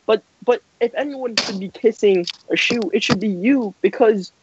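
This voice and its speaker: A man's voice: high voice, normal speed, noisy background, close to an everyday voice. A young man voicing a brash male wrestler who mocks his rivals in an amateur promo voice-over. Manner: mocking, laughing trash talk. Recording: dry, dull lo-fi mic.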